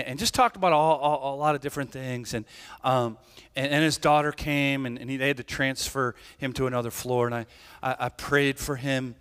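A man's voice: medium pitch, fairly bright tone, clear, resonant tone. A male pastor preaching a sermon in a casual, conversational way. He often checks in with "right?" and restarts his sentences. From Irish family background. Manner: conversational, tag questions, many restarts. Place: church sanctuary. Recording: church hall with long reverb.

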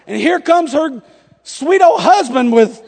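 A man in his thirties preaches a sermon with a strikingly high voice, telling a playful story and acting out every exchange. His words ring out with a long hall reverb behind them. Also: expressive, unhurried, gravelly, darkish tone. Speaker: pastor.

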